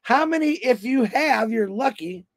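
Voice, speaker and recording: A man in his fifties talks in a high, raspy voice with a lot of gravel. He rambles through a folksy motivational talk on a livestream and acts out the voices of the people in his stories. The sound is dry and close. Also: animated, unhurried, a bit bright, no room sound. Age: 50s. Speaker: motivational speaker on a company livestream.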